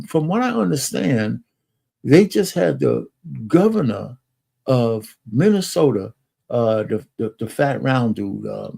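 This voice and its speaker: A man's voice: on the high side, vocal fry, dark tone, breathy edge. A man giving casual, rambling commentary as he reacts to news clips, with many fillers and restarts.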